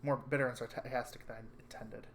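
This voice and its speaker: A man reading a visual novel aloud with calm first-person narration. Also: mid-range voice, a little fast, vocal fry, slight background noise. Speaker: reader.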